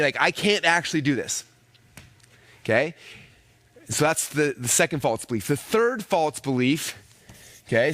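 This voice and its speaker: Guy teaching a live online class, talks super fast, kinda high voice, keeps going "okay?". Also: no room sound. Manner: energetic, checks in with "okay?" and acts out inner voices. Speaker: online course presenter. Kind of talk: live sales-training talk.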